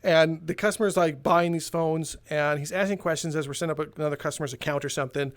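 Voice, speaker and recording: A man with a notably high voice spins casual workplace stories while he plays a game. He talks in an animated way and breaks into laughter at his own punchlines. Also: fast talker. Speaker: gaming video host.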